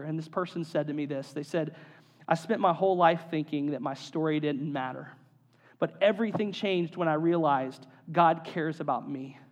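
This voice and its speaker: A man preaching a sermon in an earnest, emphatic way, often saying his main points twice. His voice sits high for a man. It carries a long reverb, as if he speaks in a big hall. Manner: earnest, repeats key phrases for emphasis. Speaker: pastor.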